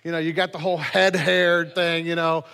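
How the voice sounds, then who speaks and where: Bright-voiced earnest male pastor preaching. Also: fairly high pitch, little pitch movement, normal speed, gravelly, smooth. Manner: earnest, repeats phrases for emphasis. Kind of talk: sermon.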